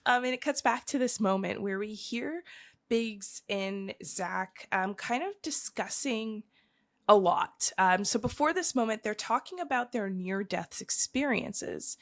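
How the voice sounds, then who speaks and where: Woman podcast host recapping, rambly, lots of ums, creaky voice. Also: medium pitch, unhurried. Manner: chatty, rambling recap with many fillers.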